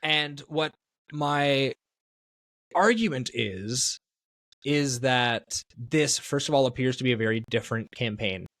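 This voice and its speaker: A man talks through his opinions on a casual podcast, rambling and self-correcting as he goes. His voice sits at an ordinary pitch and is recorded close and dry. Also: measured pace, fairly bright tone, dry recording. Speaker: podcast co-host.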